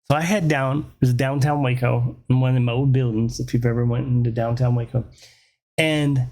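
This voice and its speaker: A man's voice: medium pitch, moderate pace. Profane man telling stories. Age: 40s. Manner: profane, animated, rambling storyteller. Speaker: host. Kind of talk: comedic rant storytelling.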